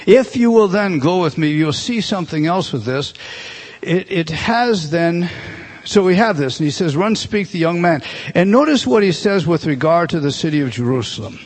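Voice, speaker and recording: A man's voice: a little high, expressive, normal speed. A man preaching a sermon, explaining a Bible passage verse by verse as he writes words out on a board. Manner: explanatory, writing on a board as he teaches. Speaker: pastor.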